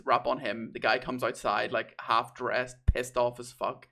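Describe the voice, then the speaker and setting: A man's voice: medium pitch, fairly even intonation, quick pace, creaky, hardly any pauses, a bit bright. A young man with a mild Northern Irish accent, co-hosting a podcast and telling rambling stories in casual chat. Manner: rambling storyteller, quotes others, laughs often. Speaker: podcast co-host.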